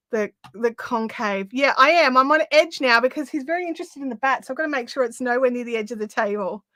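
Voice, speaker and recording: A high-voiced Australian woman chatting casually as she hosts a live craft stream, laughing often and sounding a little puffed. Her voice is close and dry, with no room sound around it. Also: a bit bright, dry recording. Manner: chatty, giggly, easily amused. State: out of breath. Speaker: craft livestream host.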